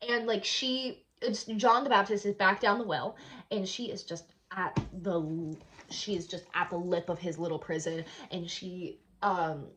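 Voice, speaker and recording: A woman's voice: fairly low pitch, steady tone, a little slow, a bit bright, a little hiss or hum. A woman vlogger casually retelling a play in a hotel room, chatty and rambling with lots of fillers.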